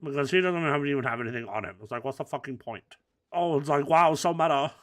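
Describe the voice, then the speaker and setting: Male gamer commentator, slightly higher voice, rambling absurd crude humor, mumbles then bursts out loud. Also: fast talker. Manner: swings between mumbling and loud outbursts. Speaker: gaming commentator. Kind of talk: let's play commentary.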